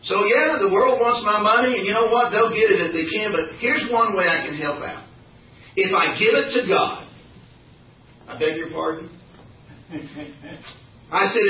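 A man giving a folksy, animated church talk full of anecdotes, calling on the congregation for responses. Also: sits high, measured pace, pauses often, a little hiss or hum. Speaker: church speaker. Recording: echoey hall from far off, dull sound.

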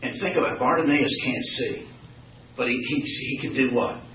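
Teaching Bible study informally to a small group, this man speaks in a mid-range voice at normal speed, animated, questioning his listeners and joking. The distant, roomy recording sounds dull and carries slight background noise.

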